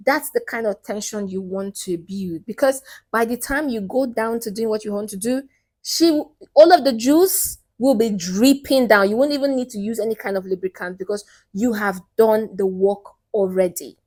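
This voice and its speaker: Woman vlogger, mid-pitched, casual and direct, dating advice, frequent "okay". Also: normal speed, darkish tone. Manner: chatty and direct, peppers lines with "okay". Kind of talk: casual advice talk to camera.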